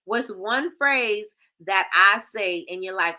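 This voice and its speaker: Lady hosting a live stream, super bright forceful voice, hypes ppl up, repeats herself a lot. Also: mid-range voice, slow, low-quality recording. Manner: emphatic, repetitive, animated, laughs often. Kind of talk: motivational live-stream chat.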